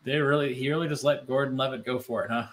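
A man co-hosting a casual podcast chat, animated and loose, full of "like" fillers and swearing. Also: mid-range voice, fast talker, slight background noise. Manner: animated, swearing, many "like" fillers, mimics voices. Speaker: podcast co-host.

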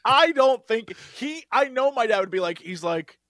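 Man, podcast co-host, high voice, very lively pitch, expressive storyteller. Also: moderate pace, no room sound, clean studio sound. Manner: expressive, acts out voices in anecdotes. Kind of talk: casual chat.

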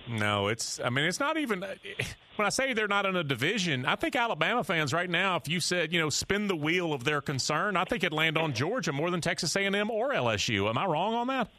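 A man's voice: sits high, big pitch swings, fairly quick, pushed and bright, dry recording. A man hosting a sports radio show, casual and folksy as he asks his guest questions. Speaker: radio host.

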